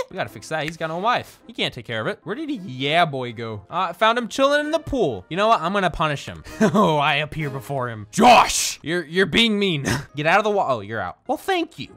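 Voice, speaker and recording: A man's voice: high voice, fairly bright tone. A man doing comedic, playful gameplay commentary, teasing and giggling as he plays. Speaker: gaming YouTuber.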